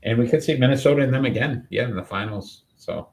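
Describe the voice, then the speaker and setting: A man in the co-host seat of a sports show, rattling off matchups with an upbeat, easy delivery. His voice sits at a middle pitch and runs through loose, joking banter. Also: fast, creaky, a little mellow. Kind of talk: casual sports picks chat.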